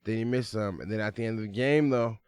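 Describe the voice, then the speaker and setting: A man co-hosting a sports podcast, chatting casually in an excitable, slangy way with big swings in his voice. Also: lowish voice, quick pace, clean tone, no room sound, clean studio sound. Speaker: podcast co-host.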